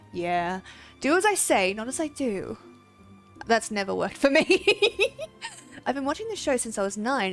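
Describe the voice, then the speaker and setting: A woman streamer chatting casually with viewers while playing a game, laughing often and swearing freely. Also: a little high. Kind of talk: casual livestream chat.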